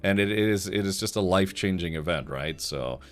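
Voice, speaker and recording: Low-voiced man rambling on a stream. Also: normal speed, soft background music. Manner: rambling, joking, reads chat messages aloud. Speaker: livestream host. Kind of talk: casual livestream chat.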